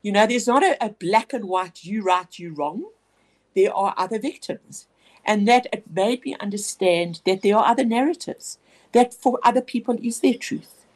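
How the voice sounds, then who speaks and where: A woman's voice: medium pitch, expressive, normal speed, darkish tone. Earnest woman telling a story on radio. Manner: reflective, earnest, with frequent restarts. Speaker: interview guest, educator. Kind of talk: personal storytelling in a radio interview.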